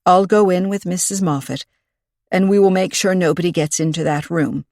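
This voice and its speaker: A woman reads a practical woman friend who takes charge with brisk, firm lines. Her voice is lowish and the recording dry and close. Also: darkish tone, no room sound, natural voice. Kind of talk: audiobook character reading.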